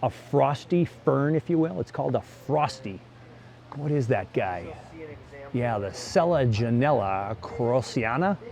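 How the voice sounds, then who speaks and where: A middle-aged bonsai vlogger films a casual walk-and-talk through an indoor greenhouse at a plant nursery, chatty, enthusiastic, and full of exclamations. His mid-range voice is a little mellow, with lively intonation and an unhurried pace.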